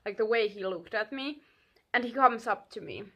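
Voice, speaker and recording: A young woman telling a story casually, animated and swearing, acting out what people said. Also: on the high side, normal speed, muffled recording. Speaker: vlogger.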